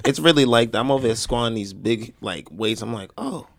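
A man chatting casually, relaxed, trailing off with fillers. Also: mid-range voice, fairly quick, gravelly. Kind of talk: casual group chat.

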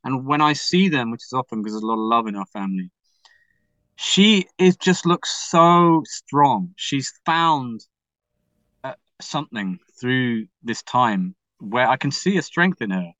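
English male musician, bright forceful voice, open and emotional, rambles and restarts, a touch lo-fi. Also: medium pitch, expressive, measured pace, dry recording. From England. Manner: rambling and emotional, with many restarts and casual swearing. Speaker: musician guest. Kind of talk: candid conversational storytelling.

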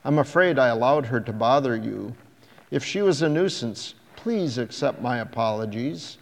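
A man voicing a weary young mother who speaks quietly and apologetically. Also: mid-range voice, expressive, normal speed, gravelly. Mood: subdued. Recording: long hall reverb.

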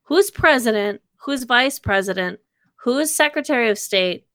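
A woman's voice: on the high side, lively intonation, measured pace, a bit bright, no echo, clean studio sound. A woman chatting casually with friends in a comedy chat, earnestly setting up questions for the group.

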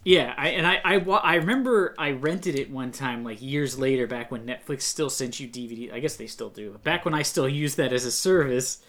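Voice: medium pitch, brisk, few pauses, fairly bright tone. A podcast co-host in casual chat, rambling through long tangents and laughing often.

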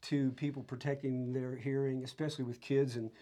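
Man, musician guest, casual chat, relaxed, frequent restarts. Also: medium pitch, brisk. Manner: relaxed and chatty, with many restarts and laughs. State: has tinnitus from years of loud music. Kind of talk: casual conversation.

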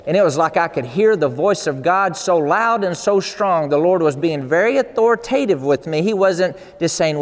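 A man's voice: fairly high pitch, lively intonation, a little fast, few pauses, in a large hall. A male pastor preaching a sermon in an earnest, repetitive way that builds to emphatic peaks.

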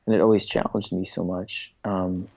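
A man's voice: low-pitched, flat delivery, moderate pace, vocal fry, a little mellow, slightly rough, dry recording. A man talking as a guest in a casual interview, rambling enthusiastically and often restarting his sentences. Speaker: comic book writer, interview guest. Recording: dull lo-fi dry recording.

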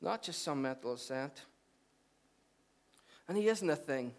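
A man's voice: fairly high pitch, expressive, measured pace, a little hiss or hum. A middle-aged man preaching a sermon, conversational and joking at first, then earnest and emphatic. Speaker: pastor.

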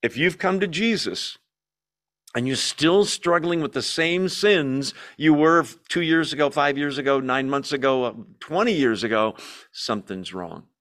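A man's voice: a little high, measured pace, fairly bright tone. A man leading a Bible study in a church meeting room, speaking animatedly and asking and answering his own rhetorical questions.

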